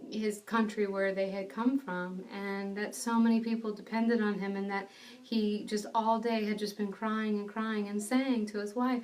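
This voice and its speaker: A woman telling a personal faith testimony, in an earnest, animated storytelling manner. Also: medium pitch, normal speed, distant mic, a little hiss or hum. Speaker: ministry speaker.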